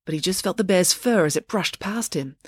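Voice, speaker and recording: A woman narrating a children's storybook aloud, lively and dramatic. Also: fairly low pitch, fairly quick, breathy edge, no echo, clean studio sound. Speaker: audiobook narrator.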